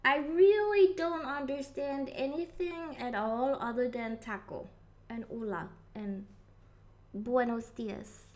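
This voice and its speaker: High-voiced woman chatting while gaming. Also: takes it slowly, darkish tone. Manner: chatty, giggly, swears when startled. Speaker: game streamer. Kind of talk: casual live gameplay chat.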